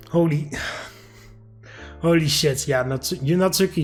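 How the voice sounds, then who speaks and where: A man playing through a story game on his channel, reading it aloud and reacting with loud, swearing outbursts of dismay. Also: on the high side, a little slow, long pauses, faint music behind. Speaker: gaming channel host. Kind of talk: let's play, reading a visual novel aloud with reactions.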